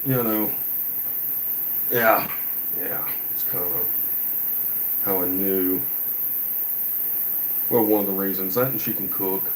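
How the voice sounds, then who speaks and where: Slow-talking, low-voiced folksy man. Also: slight background noise, poor audio. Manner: relaxed, folksy and rambling. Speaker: gunsmith and shop owner. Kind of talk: casual livestream chat.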